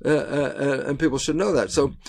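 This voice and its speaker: An older man, a guest in an interview, telling lively anecdotes and acting out the voices in them. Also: medium pitch, a little fast, gravelly. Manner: animated storyteller who acts out voices and laughs at his own anecdotes. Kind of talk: casual interview storytelling.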